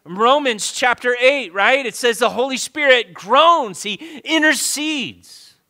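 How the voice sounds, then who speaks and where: A male pastor preaching a sermon, swinging from loud fervent exhortation to hushed pleading and often repeating words when stirred. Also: very high voice, takes it slowly.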